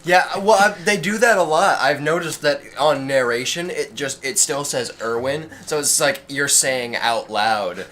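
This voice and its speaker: A man's voice: medium pitch, a little slow, few pauses, fairly bright tone, slight background noise. A young man co-hosting a let's play, tossing in dry wisecracks. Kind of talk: casual gaming commentary.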